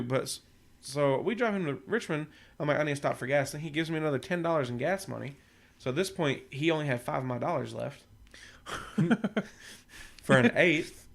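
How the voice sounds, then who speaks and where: A man's voice: fairly high pitch, a little fast, gravelly, fairly bright tone. A young man casually telling a long, profane story on a podcast, acting out what people said. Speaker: podcast co-host.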